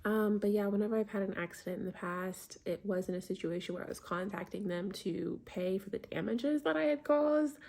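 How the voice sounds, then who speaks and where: Gravelly-voiced woman chatting a storytime. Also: mid-range voice, a little fast, hardly any pauses, a little mellow. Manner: chatty, many fillers, embarrassed retelling. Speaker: vlogger. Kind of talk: casual storytime vlog.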